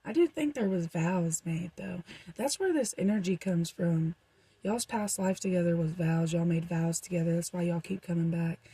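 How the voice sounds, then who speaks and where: A woman's voice: on the low side, normal speed, mellow, slightly rough, dry recording, poor audio. A young woman doing a casual, rambling tarot reading for her viewers, with frequent fillers. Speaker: tarot reader.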